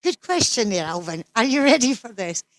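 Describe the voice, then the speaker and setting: A woman's voice: on the high side, sing-song, a little fast, no echo. Blunt, foul-mouthed Scottish woman in her sixties. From Scotland. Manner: blunt, swears freely, ranting. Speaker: interview guest. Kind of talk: casual chat.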